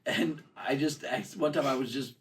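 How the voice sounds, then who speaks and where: A man in his forties, a comedian guest, telling stories in casual chat, animated and laughing often, acting out other people's voices. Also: medium pitch, moderate pace, far from the mic. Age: 40s.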